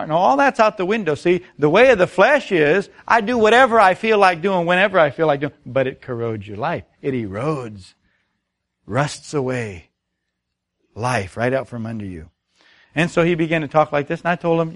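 A man's voice: sits high, sing-song, normal speed, a bit bright. A middle-aged man preaching a sermon, telling stories and asking the congregation rhetorical questions. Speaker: pastor.

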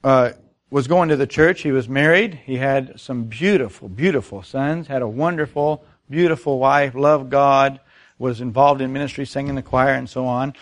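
A man's voice: mid-range voice, normal speed. A middle-aged man preaching a sermon, telling stories and asking the congregation rhetorical questions. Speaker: pastor.

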